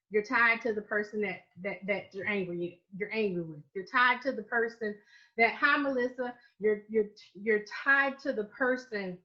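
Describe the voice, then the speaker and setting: A middle-aged woman from Florida with a Southern US accent, giving an earnest, repetitive masterclass talk as a life coach, slowing down to stress key phrases. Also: fairly high pitch. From Florida, United States. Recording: slightly muffled, dull audio.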